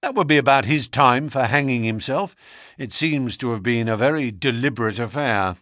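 A man's voice: medium pitch, lively intonation, moderate pace, fairly bright tone, dry recording, studio quality, natural voice. A man reading an audiobook, voicing a hearty, self-assured police inspector who speaks in a matter-of-fact way.

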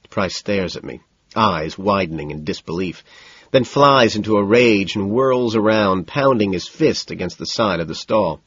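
A man narrates first-person fiction in a cool, measured way. His voice is very low and husky. The studio sound is dry and slightly dull. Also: a bit bright, no room sound. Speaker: audiobook narrator.

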